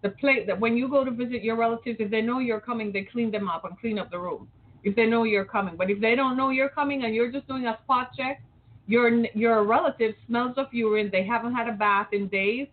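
Over tinny, phone-like audio, a middle-aged woman from Metro Detroit, Michigan, hosts an opinion talk show and delivers an impassioned monologue packed with rhetorical questions. Her voice is fairly high, her tone steady, and she talks a little fast.

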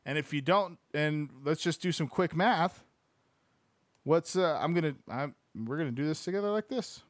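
A man reading a sports book aloud, breaking off into excitable, profane, slangy asides. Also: a little high, normal speed, no room sound.

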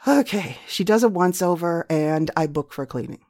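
A woman with a low, deep voice tells her own story as a host. She is middle-aged, blunt and profane, and she laughs at herself. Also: lively intonation, normal speed, darkish tone. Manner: candid, profane, self-mocking. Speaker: podcast host. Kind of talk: personal storytelling monologue.

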